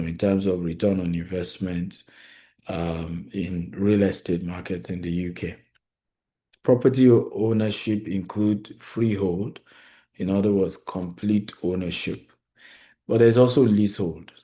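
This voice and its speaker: A man's voice: low voice, mellow. A man hosting a real estate webinar, talking to viewers in a conversational way and repeating his key points. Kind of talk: live webinar presentation.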